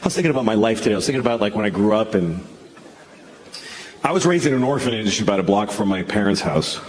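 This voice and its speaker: A male stand-up comedian from Boston, USA, talks on a club stage in a dry, conversational, self-mocking way. His voice is on the low side, animated and quick, in an echoey club with background noise and crowd laughter.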